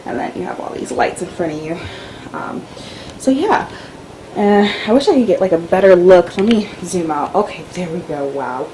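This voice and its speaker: A woman's voice: medium pitch, lively intonation, normal speed, warm tone, a little hiss or hum, rough recording. A woman vlogger giving a casual tour of her home office and filming room, chatty and loose with lots of fillers. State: out of breath. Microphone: camera-mounted mic.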